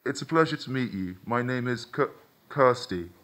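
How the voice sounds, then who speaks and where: A humanlike female sex robot speaks in a raised, slow and mechanical voice, as a man reading the story puts her on. Each phrase is polite and stilted, with an evenly computerized feel. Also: mid-range voice, animated, a bit bright, voice pushed up, natural voice. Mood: politely stilted.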